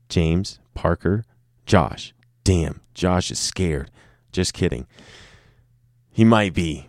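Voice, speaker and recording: A man's voice: sits low, slow pace, long pauses, a little mellow, dry recording, studio quality. A young man talking in a rambling, joking, profane monologue, poking fun at himself. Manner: joking, profane, self-mocking.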